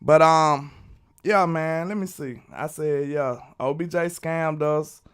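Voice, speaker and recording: A man's voice: on the high side, takes it slowly, fairly bright tone, clean tone. A man from Alabama, hosting a casual live sports stream and answering viewers' chat. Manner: reads out and answers chat comments. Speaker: sports channel host.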